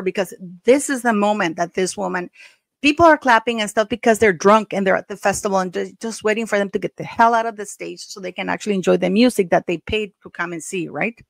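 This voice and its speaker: A woman's voice: medium pitch, vocal fry, no echo. A middle-aged woman hosting a commentary vlog, talking bluntly and scornfully straight to her viewers. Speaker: commentary channel host.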